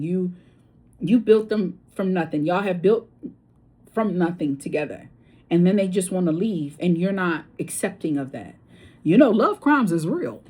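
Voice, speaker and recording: A woman giving a casual tarot reading, chatty and blunt, with swearing and story asides, her voice swinging between loud and hushed. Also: mid-range voice. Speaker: tarot reader.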